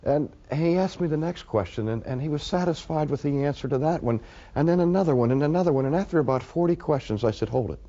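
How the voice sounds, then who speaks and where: A man's voice: fairly high pitch, quick pace, mellow. A male preacher delivering an emphatic sermon, with rhetorical questions to the audience, in a dull lo-fi recording.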